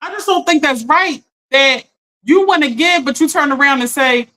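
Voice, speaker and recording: A woman life coach in casual live-stream chat, animated, laughing often and talking straight to her viewers. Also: high voice, normal speed, poor audio.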